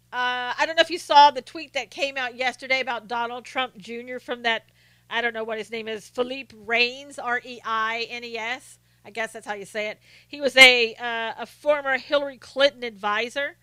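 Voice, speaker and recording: Female live-stream host, high and bright, chatty, greets viewers by name, dry close sound. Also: clean tone, no echo. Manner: animated storyteller with frequent laughs. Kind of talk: casual live-stream chat.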